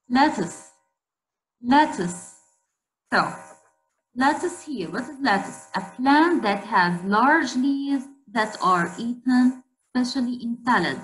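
A woman's voice: a little high, a bit bright, poor audio. A woman teacher leading an online spelling lesson for girls, repeating each word and quizzing the class.

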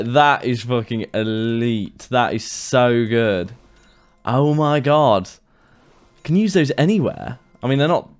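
A man giving casual gameplay commentary, swearing and ranting in exasperation. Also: fairly low pitch. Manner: frustrated, swearing, exasperated rants. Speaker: gaming YouTuber.

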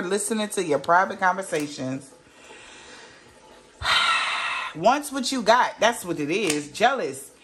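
A woman's voice: on the low side, fairly bright tone, a little hiss or hum. A woman giving a casual tarot reading to a viewer, blunt and emphatic, swearing freely and firing off rhetorical questions. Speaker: tarot reader.

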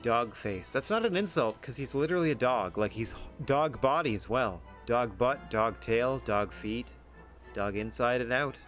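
A man's voice: medium pitch, animated, normal speed, a bit bright. Sarcastic man commenting over game music. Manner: sarcastic, joking asides. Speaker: streamer. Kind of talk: gameplay commentary.

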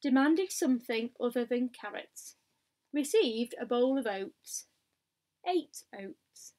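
A woman reads a picture book aloud in a slightly high voice. She takes her time over each short diary entry. She stops now and then for little asides to the listener. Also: animated, dark tone. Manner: unhurried diary-style reading with asides to the listener. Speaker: storybook reader.

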